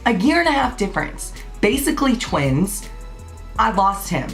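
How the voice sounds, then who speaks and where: A woman's voice: mid-range voice, very animated, moderate pace, soft background music. A woman, giving a blunt, passionate, unscripted rant to camera, swearing freely. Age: 20s. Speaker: vlogger.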